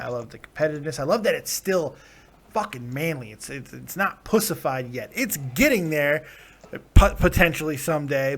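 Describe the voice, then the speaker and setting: A man's voice: medium pitch, vocal fry, fairly bright tone. A tired man hosting a live reaction stream, casually reading chat comments aloud with plenty of swearing and laughter. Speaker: live-stream show host.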